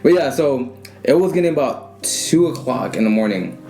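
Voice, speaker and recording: A man's voice: medium pitch, normal speed, faint music behind. A man telling a personal ghost story in casual podcast chat, acting out quoted lines with many fillers. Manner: animated, acts out quoted lines, frequent fillers.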